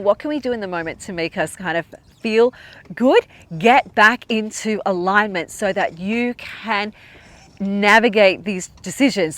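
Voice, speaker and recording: A woman, perhaps in her thirties, hosts a podcast and tells a personal story. Her talk is chatty and heartfelt, full of "like" and small restarts, at an average pitch for a woman. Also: a bit bright. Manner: chatty and emotional, many "like" fillers. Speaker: podcast host.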